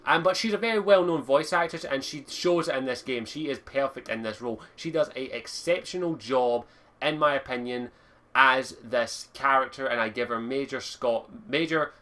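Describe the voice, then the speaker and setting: A man's voice: mid-range voice, bright, forceful tone. Young guy gushing about a game, swears a lot, trips over his words. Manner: enthusiastic, swears freely; rambling with stumbles. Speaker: game reviewer. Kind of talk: casual video game review.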